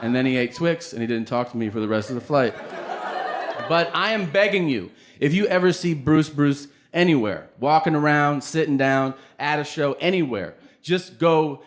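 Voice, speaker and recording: A man performing stand-up comedy, telling stories in a profane, animated way and acting out both sides of each exchange. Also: moderate pace, some chatter behind. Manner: animated, profane, acts out both sides of dialogues, voice jumping high for disbelief. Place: comedy stage before a laughing audience. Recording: live stage mic with audible noise.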